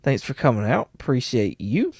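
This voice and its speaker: A man's voice: mid-range voice, big pitch swings, moderate pace, vocal fry, darkish tone, husky, no echo, studio quality. A man hosting a casual livestream, greeting chatters by name and laughing often. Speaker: livestream host.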